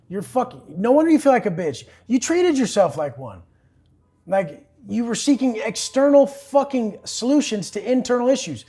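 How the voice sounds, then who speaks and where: A young man as an interview guest, talking bluntly and forcefully with a lot of swearing in an intense motivational way. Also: sits high, breathy edge.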